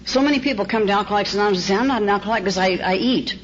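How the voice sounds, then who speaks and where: A woman's voice: medium pitch, rapid-fire. An older woman from California tells her own recovery story to a meeting. She is wry and self-mocking, and she acts out the dialogue as she goes. The sound is dull, with a faint tape hiss underneath. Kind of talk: personal testimony told to an audience. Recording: muffled old cassette tape with faint hiss.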